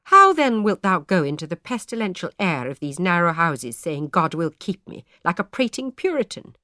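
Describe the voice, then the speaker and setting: A woman's voice: on the low side, very animated, normal speed, pushed and bright, no echo, clean studio sound. A woman doing a grave, troubled parson. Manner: grave, pleading, formal old speech. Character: troubled devout male parson, solemn.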